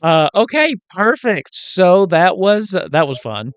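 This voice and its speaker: A man's voice: sits high, sing-song, unhurried, smooth, no echo, muffled recording. Chatty man hosting a tabletop game. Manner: chatty, laughs easily. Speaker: player and show host. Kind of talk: casual tabletop game chat.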